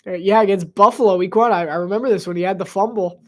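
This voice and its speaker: A woman giving solo live play-by-play commentary on a football game, chatty and quick to laugh, joking between plays. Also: mid-range voice.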